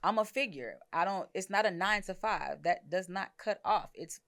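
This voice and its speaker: A woman's voice: fairly low pitch, moderate pace, a bit bright. A young woman hosting a podcast, talking frankly and measuredly, thinking aloud in casual chat. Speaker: podcast host.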